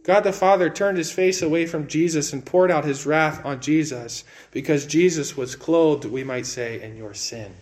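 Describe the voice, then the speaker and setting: A man preaching a sermon in an earnest way, repeating words and swinging between raised and hushed delivery. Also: on the high side, normal speed, few pauses.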